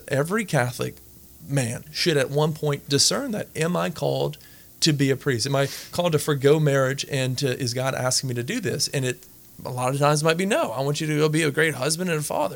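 Gravelly-voiced priest in earnest talk. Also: male voice, fairly high pitch. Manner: earnest, retells scripture with voiced quotes. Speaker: Catholic priest. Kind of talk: conversational faith talk.

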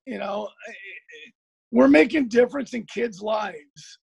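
Gravelly high-voiced earnest coach. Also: male voice, unhurried, dry recording. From Oregon. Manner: rambling, repeats words, earnest. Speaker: high school football coach. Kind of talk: guest storytelling on a podcast.

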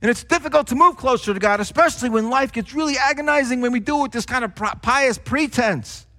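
An older man from New Jersey delivers a sermon in a high, light voice. He leans hard on stressed words, then lets his phrases sink to quiet, drawn-out endings. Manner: emphatic, swings between hushed drops and raised stresses. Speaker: pastor.

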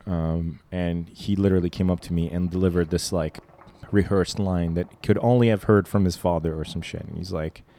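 A man's voice: low-pitched, steady tone, moderate pace, few pauses, dark tone. A man chatting on a podcast in a studio, telling jokey stories. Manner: storytelling, jokey, slips into put-on voices. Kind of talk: casual chat. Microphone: studio mic.

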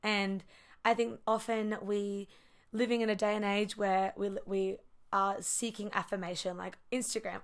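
A woman's voice: medium pitch, flat delivery, normal speed, a bit bright. Reflective woman telling stories. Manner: reflective, storytelling with quoted dialogue and fillers. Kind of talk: casual conversation.

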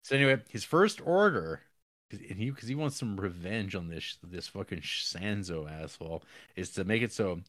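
A man's voice: deep voice, animated, moderate pace, fairly bright tone, no echo, clean studio sound. A man co-hosting a podcast, recapping a film in a casual, rambling way full of fillers and wry, profane asides. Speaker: podcast co-host.

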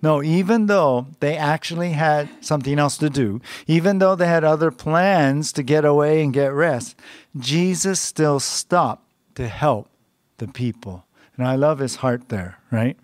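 A man's voice: on the high side, measured pace, no room sound, clean studio sound. A man preaching a sermon in a conversational way, often adding "you know" and small laughs. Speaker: pastor.

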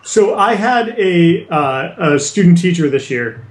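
A man's voice: high-pitched, lively intonation, a little slow, echoey room. A man hosting a casual podcast conversation, reflective and hesitant with fillers.

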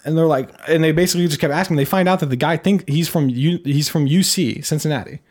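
A man's voice: fairly high pitch, quick pace, darkish tone. A young man casually telling a story, rambling with many fillers and restarts.

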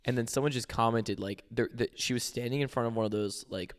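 In a laid-back podcast conversation, this young adult co-host rambles, stumbling over fillers and starting sentences again. He speaks at medium pitch and fairly quickly.

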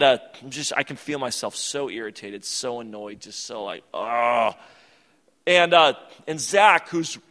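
A pastor preaching a conversational, emphatic sermon that repeats its key phrases. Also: male voice, mid-range voice, a bit bright. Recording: long reverb of a large hall.

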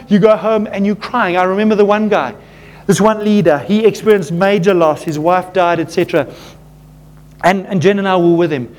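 A male pastor delivers a sermon at a normal speed, earnest and animated, addressing his listeners as "folks" and going low and quiet in the tender moments.

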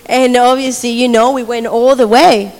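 A woman with a high voice tells a faith testimony as a sermon. Her storytelling is animated, broken by frequent laughter and acted-out quotes. The sound carries a long reverb, as in a large hall. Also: normal speed. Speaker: speaker sharing a testimony.

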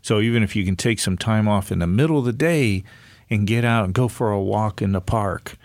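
An older man with a somewhat low voice gives casual health advice as a talk-show guest. He rambles in a folksy way, stringing thoughts together with "you know." The sound is close and dry, with no room echo. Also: a little fast. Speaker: natural health doctor, guest expert.

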